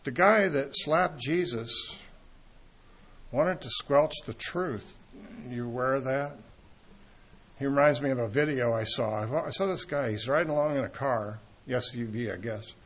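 A man preaching a sermon in an earnest, emphatic way, pausing often and restarting phrases. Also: medium pitch, breathy edge.

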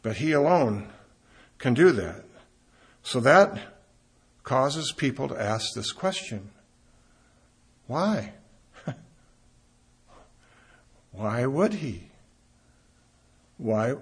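A man's voice: mid-range voice, big pitch swings, very slow, long pauses, slightly rough. A man preaching a sermon as pastor, emphatic, rising and swelling on key points.

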